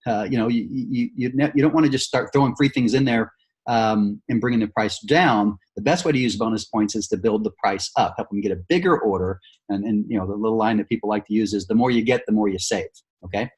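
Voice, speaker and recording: A man coaching sales reps, walking them through a demo pitch in an upbeat, encouraging way with many fillers and restarts. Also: quick pace, breathy edge. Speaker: sales trainer.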